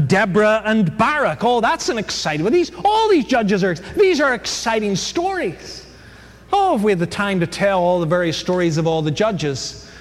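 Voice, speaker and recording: A man giving a humorous Bible lecture to an audience, chatty and digressive, with many fillers and jokes. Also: high-pitched. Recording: long hall reverb, faint noise.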